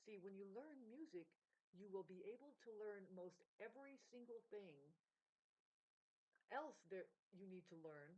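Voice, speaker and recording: A woman's voice: mid-range voice, animated, normal speed, darkish tone, slightly rough, low-quality recording. A woman talking in a rambling, swearing, stream-of-consciousness monologue about spirituality and music, with her voice jumping up and down. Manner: stream-of-consciousness, swearing, jumps between topics. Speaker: vlogger.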